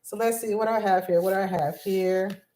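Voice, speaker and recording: Hosting a live video chat, a fifty-something woman from Los Angeles rambles with excitement, bubbly and scattered, restarting sentences often. She speaks in a mellow mid-range voice, fairly quick and fairly even in intonation, and the recording sounds roomy.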